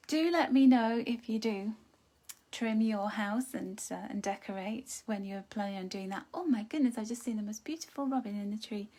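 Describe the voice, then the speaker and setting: A woman's voice: a little high, moderate pace, warm tone. Chatty woman greeting livestream viewers. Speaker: card reader hosting a livestream. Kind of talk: casual live-stream chat. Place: home room.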